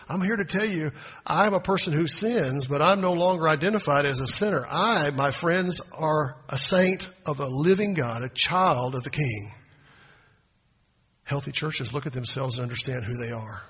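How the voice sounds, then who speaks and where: A man preaching a sermon as pastor, swinging from quiet asides to loud, emphatic proclamations. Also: on the high side, normal speed, breathy edge. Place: church sanctuary. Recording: long hall reverb.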